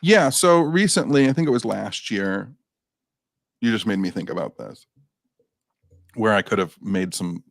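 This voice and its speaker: A man with a low, gravelly voice, chatting casually and spinning anecdotes with lively quoted dialogue. The sound is dry and close, with no room around it. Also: a little slow, long pauses, dry recording. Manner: animated anecdote teller, acts out quotes. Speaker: guest paranormal investigator. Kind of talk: casual storytelling chat.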